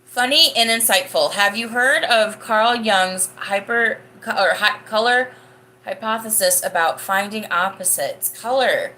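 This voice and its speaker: A woman's voice: medium pitch, a little slow, few pauses, bright, forceful tone, slight background noise. A young woman hosting a live podcast, chatting casually and rambling as she answers viewer comments, laughing often. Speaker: livestream podcast host.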